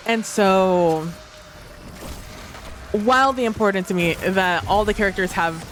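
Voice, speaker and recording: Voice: mid-range voice, takes it slowly, pauses often, fairly bright tone, soft background music. A tabletop role-play player reflecting casually on a livestream, rambling with many fillers and frequent laughter.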